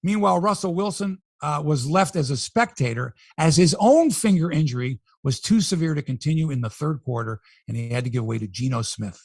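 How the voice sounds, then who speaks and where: A man's voice: fairly high pitch, expressive, brisk, few pauses, darkish tone, no room sound, clean studio sound. A man hosting a sports podcast, running through scores and riffing jokingly on the headlines in a casual chat.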